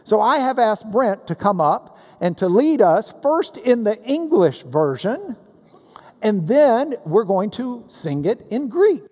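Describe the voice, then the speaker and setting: A man preaching a sermon as pastor, animated and playful as he recites rhymes and sounds out words. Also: sits high, takes it slowly. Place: church sanctuary. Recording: long hall reverb.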